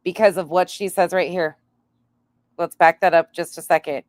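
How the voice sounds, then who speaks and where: A woman's voice: fairly low pitch, fairly even intonation, normal speed, dry recording. A woman from North Dakota with an upper Midwest accent and a nasal voice, giving blunt, profane reaction commentary on a stream. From North Dakota, raised in Montana.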